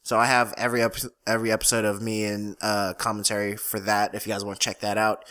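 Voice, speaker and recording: A man's voice: lowish voice, completely flat delivery, quick pace, bright, forceful tone, clean tone. A man hosting a casual podcast, wrapping up loosely and jokingly while plugging his channels. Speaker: podcast host.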